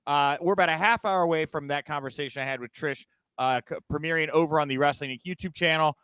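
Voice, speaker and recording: A man hosts a casual news podcast in a high, bright voice. He rambles and giggles at his own jokes, recorded dry and close with no room sound. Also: quick pace, clean tone, no echo. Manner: giggly, rambling, self-mocking. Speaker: podcast host.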